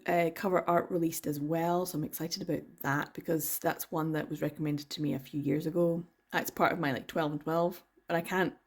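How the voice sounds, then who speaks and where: An enthusiastic woman chats on camera about books in a loose, rambling way. She drifts between thoughts, fills gaps with ums, and laughs easily as she goes. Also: fairly low pitch. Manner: rambling, enthusiastic, frequent laughs and trailing fillers. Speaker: book vlogger. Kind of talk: casual chatty vlog.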